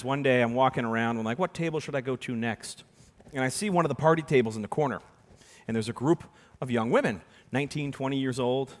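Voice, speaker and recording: A man tells a story at a conference keynote, swinging between loud bursts and hushed asides. His voice sits at an ordinary middle pitch. A long reverb from the big hall trails after his words. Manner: animated storytelling with sudden loud and soft turns. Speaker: keynote speaker.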